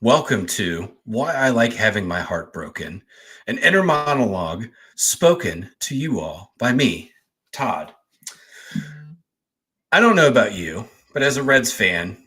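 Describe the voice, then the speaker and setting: A man's voice: on the low side, sing-song, unhurried, fairly bright tone. A man hosting a sports podcast, ranting angrily with swearing, repeated phrases and stammered restarts. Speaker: podcast host. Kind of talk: profane sports rant and casual podcast chat.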